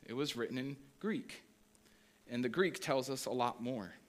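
A man's voice: mid-range voice, animated. A man, a pastor, preaching a conversational sermon, reading scripture aloud and asking the congregation questions. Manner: reads scripture aloud slowly.

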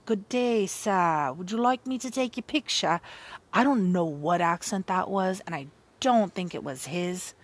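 A woman hosting a comic monologue, talking in a playful, rambling, teasing way. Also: medium pitch. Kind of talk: comedic monologue.

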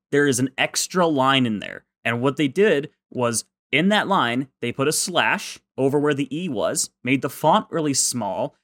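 A man co-hosting a casual podcast chat, ranting in an animated way with plenty of swearing. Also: mid-range voice. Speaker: podcast co-host.

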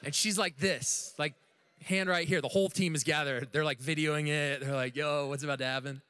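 An American man preaching a sermon to a live congregation, telling stories in an animated, joking way. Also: fairly high pitch, a little fast, clean tone, in a large hall. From United States. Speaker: pastor. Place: church room with audience.

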